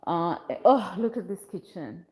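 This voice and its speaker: Speaking a little slowly in a lowish, darkish, animated voice, a middle-aged vlogger with a South African accent wanders through a big house still being built. Her walkthrough is casual, full of exclamations and meandering asides. Echoey rooms and nearby workers fill out the sound.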